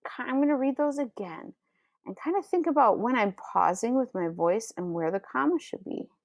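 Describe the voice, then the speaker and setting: A woman teacher giving a recorded remote writing lesson, patiently explaining step by step and reading example sentences aloud with pronounced pauses. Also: a little high, lively intonation, no room sound, clean studio sound. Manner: patient, explains step by step, calls students scholars and friends.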